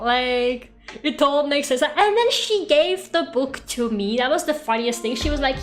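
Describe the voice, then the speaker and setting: A woman's voice: high voice, measured pace, soft background music. A young woman whose first language is Russian, chatting casually and rambling through stories as a VTuber playing a game in an echoey room. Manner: animated, rambling storyteller who laughs often. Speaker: VTuber streamer. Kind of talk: casual gaming stream chat.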